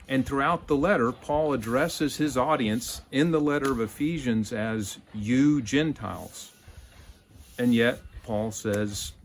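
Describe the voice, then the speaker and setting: Man, unhurried lay sermon, restarts words often, mid-pitched, light hiss behind. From Texas. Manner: halting, repeats word starts, earnest. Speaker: lay preacher.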